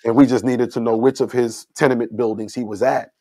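A man's voice: medium pitch, steady tone, a little fast, mellow, no echo. Emphatic middle-aged man, dry close sound. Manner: emphatic, repeats himself, asks "right?" for agreement. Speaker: host. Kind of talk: casual conversational storytelling.

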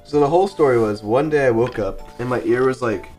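A man in casual chat, talking softly because he can't hear how loud he is. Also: medium pitch, fairly quick, faint music behind. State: hard of hearing, talking softly. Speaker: streamer.

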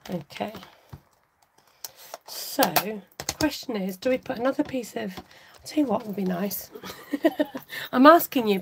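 A woman's voice: a little high, gravelly, background noise. A woman hosting a card-making tutorial, chatting and thinking aloud to herself as she works. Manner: chatty, self-talking, giggly, scattered.

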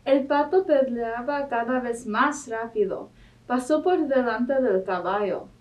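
A woman reading a picture book aloud at a library storytime, in a clear, steady manner. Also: a little high, normal speed. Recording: mic at a distance.

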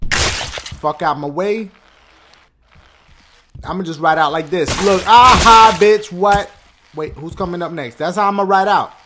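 A man hosting a let's play channel, loud and excitable, swearing a lot and shouting at the game. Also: high-pitched, background noise. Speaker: gaming channel host.

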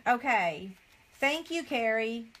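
Slow-talking chatty woman. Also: on the high side, expressive, fairly bright tone. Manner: chatty, dismayed sighs, reading items off a catalog. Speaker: craft demonstrator. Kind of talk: casual live chat with viewers.

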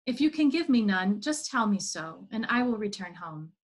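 A woman's voice: medium pitch, very animated, moderate pace. A woman voicing an earnest, tired king who pleads for answers in a spoken parable.

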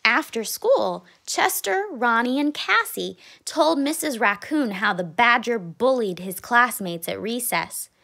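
A woman, a teacher, reading a children's picture book aloud in an expressive, deliberate way. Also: a little high, creaky. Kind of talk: read-aloud storybook narration.

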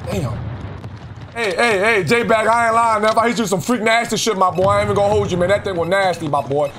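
High-pitched man trash-talking boisterously. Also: fairly quick. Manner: boisterous, taunting, swaggering slang. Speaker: streamer commentating his gameplay. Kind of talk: trash-talking gameplay commentary. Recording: gameplay audio with noise behind.

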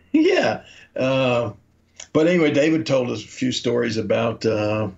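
A man's voice: medium pitch, expressive, unhurried, vocal fry, darkish tone. A man, a podcast co-host telling rambling anecdotes and acting out the quotes in them. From Memphis, Tennessee. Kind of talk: casual storytelling. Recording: dull lo-fi audio.

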